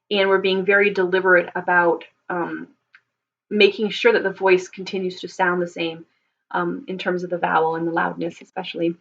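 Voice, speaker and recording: A woman's voice: fairly low pitch, a bit bright, lo-fi sound. A woman speaking as a voice teacher, thoughtfully explaining singing technique with frequent ums and restarts.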